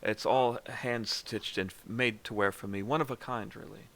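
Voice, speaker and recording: A haughty, dismissive rich lady at the races sneers in a bright, sharp voice, as a man puts her on for a tabletop game. She sounds grand and cold and looks down on everyone around her. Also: lowish voice, steady tone, normal speed, a little hiss or hum. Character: snooty rich woman at a horse race.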